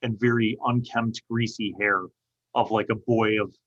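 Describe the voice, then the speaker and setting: Man, game master, husky low voice, halting narration, lots of fillers, dull lo-fi recording. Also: level tone, a bit bright.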